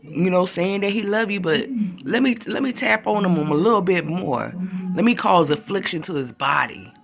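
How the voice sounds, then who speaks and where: A man's voice: high-pitched, lively intonation, moderate pace, vocal fry, voice pushed up. A man playing a slangy, sly male devil. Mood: scheming. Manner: taunting, slangy, wheedling.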